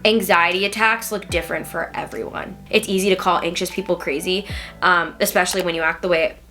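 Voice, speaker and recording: A woman's voice: lowish voice, fairly even intonation, fairly quick, sharp tone, faint music behind. A young woman chatting candidly as she reacts to scenes from her own show. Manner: candid, chatty, self-critical. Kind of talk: casual vlog commentary.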